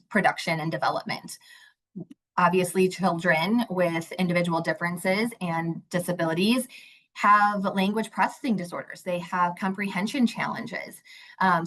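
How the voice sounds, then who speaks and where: In a webinar full of storytelling, a mental health director recounts her work with children in a warm, conversational way, voicing a child in her anecdotes. Her voice is fairly low-pitched, and the recording quality is low.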